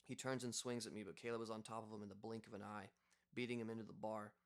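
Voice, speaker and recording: A man's voice: lowish voice, steady tone, quick pace. A young man reading a first-person audiobook in a casual, conversational way. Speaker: audiobook reader.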